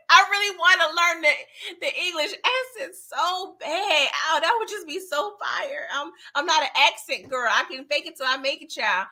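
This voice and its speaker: A woman's voice: extremely high pitch, normal speed, bright, forceful tone. A woman casually recapping a TV episode in a chatty, slangy way, laughing often. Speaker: TV recap reviewer.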